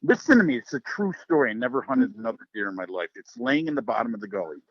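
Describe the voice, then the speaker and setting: A middle-aged man from Wisconsin telling a hunting story in casual chat, animated and swearing, acting out what people said. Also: mid-range voice, fast, no echo. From Wisconsin, United States. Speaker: podcast host. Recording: slightly muffled, dry.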